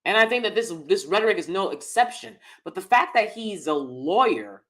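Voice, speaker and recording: Mid-range and very animated, this live-stream host talks at a moderate pace directly to her audience. Her commentary is emphatic and chatty, and she repeats her key phrases to drive them home.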